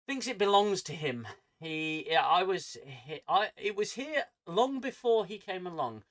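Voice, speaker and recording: A man's voice: high voice, animated, a little slow, a bit bright. Angry swearing man ranting. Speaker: streamer. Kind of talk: casual livestream rant.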